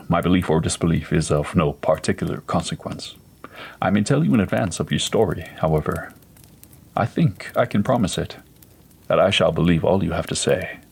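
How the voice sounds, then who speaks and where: A man reading aloud as a gentle, persuasive doctor in a spoken ghost story, calm and coaxing, pitched low with a husky, breathy edge. He sounds measured and patient, never hurried. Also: full character voice. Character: gentle, persuasive middle-aged male doctor.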